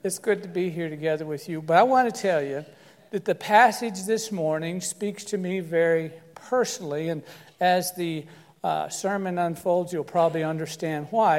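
A man's voice: on the high side, darkish tone. An older man giving a sermon as a guest pastor, folksy and self-deprecating, telling a humorous story before turning to scripture. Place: church sanctuary. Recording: long church reverb.

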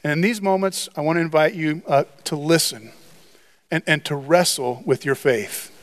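A man's voice: a little high, normal speed. A pastor preaching a sermon in church, earnest and repetitive, often restarting his phrases.

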